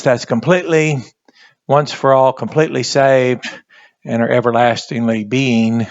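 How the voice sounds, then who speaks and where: Guy teaching a class real slow, stops and restarts a lot while writing, kinda muffled recording. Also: mid-range voice, dry recording. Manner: slow, halting, repeats words while writing. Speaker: Bible language teacher. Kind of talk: classroom lesson at a whiteboard.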